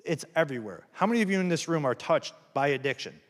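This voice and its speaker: A man's voice: on the high side, big pitch swings, fast. Candid man speaking in a reverberant hall. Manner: candid, earnest, self-deprecating, with restarts. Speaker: recovery speaker at a campus event. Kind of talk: personal testimony talk.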